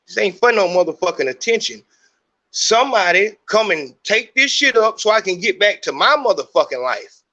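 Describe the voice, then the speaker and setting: A man's voice: high voice, sharp tone, dull audio. A middle-aged man hosting a podcast, talking in a heated, profane, rambling monologue. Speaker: podcast host. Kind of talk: unscripted monologue.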